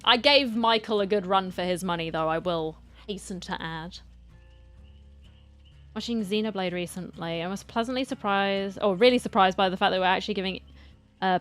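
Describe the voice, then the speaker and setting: A woman's voice: medium pitch, fairly bright tone. A woman chatting casually on a live stream while playing, answering her chat in a playful, slightly dramatic way.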